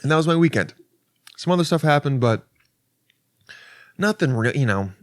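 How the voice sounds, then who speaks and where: A man's voice: on the high side, expressive, moderate pace, no room sound, studio quality. A man hosting a casual solo podcast as a comedian, rambling and restarting his sentences, with profane, wry asides. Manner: rambling and self-interrupting, with frequent restarts.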